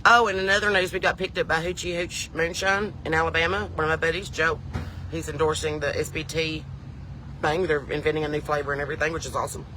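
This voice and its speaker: A woman's voice: low voice, fairly even intonation, fast, sharp tone, slight background noise. A woman with a thick Southern US drawl, telling folksy, rambling comedy stories in casual chat. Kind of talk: chatty comedic storytelling.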